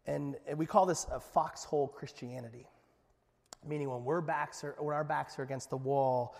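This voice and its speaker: A man, a pastor, preaching a conversational sermon with lively asides. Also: on the high side, gravelly. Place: church sanctuary. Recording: long echo of a church hall.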